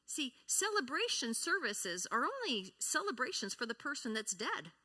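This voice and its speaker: Woman church speaker, bright tone, interactive teaching style that quizzes the audience. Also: sits high, big pitch swings, moderate pace. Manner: asks the audience questions and acts out example replies. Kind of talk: teaching talk to a congregation.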